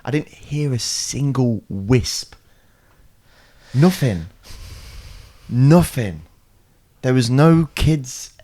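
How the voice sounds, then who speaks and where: A young man, co-hosting a casual podcast and telling animated stories with plenty of swearing and laughter. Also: medium pitch, takes it slowly, few pauses. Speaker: podcast co-host. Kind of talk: casual chat.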